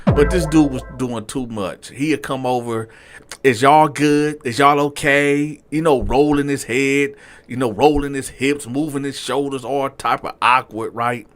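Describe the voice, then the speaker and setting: A man casually telling his own story to viewers in slangy talk, swinging from low asides to loud outbursts. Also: fairly even intonation, normal speed, slight background noise.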